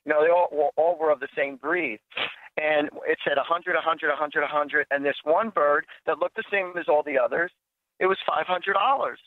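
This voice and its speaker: A man's voice: fairly high pitch, moderate pace, no echo. A man hosting a psychic call-in radio show, chatting casually and telling jokes in a rambling way. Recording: dry phone-like sound.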